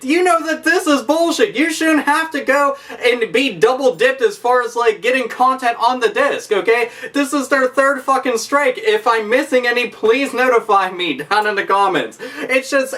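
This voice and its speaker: A man's voice: very high voice, fairly bright tone. A man ranting to camera as a YouTuber, swearing constantly and repeating his points with heavy emphasis. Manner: profane, emphatic, repetitive. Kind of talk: angry rant vlog.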